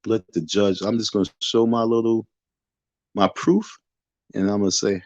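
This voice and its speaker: A man with a lowish voice delivers a defiant, preachy livestream rant, circling back over the same phrases like a sermon. He talks into a phone from his bedroom. The sound is dull and lo-fi, with a close, dry feel and no room echo. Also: steady tone, normal speed, darkish tone. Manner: repetitive, defiant, sermon-like lecturing. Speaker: livestream host. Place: bedroom in the dark.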